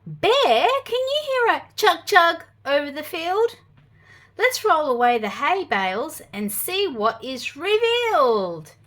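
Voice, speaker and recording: A woman's voice: high-pitched, slow. A woman with an Australian accent reading children's picture books aloud, gasping and making playful sound effects. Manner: animated, gasps and sound effects for kids. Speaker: children's storyteller.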